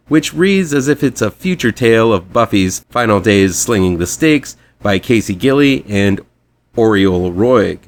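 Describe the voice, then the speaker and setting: A man hosting a weekly horror comics show, reading a scripted rundown with chatty, fan-like enthusiasm. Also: medium pitch.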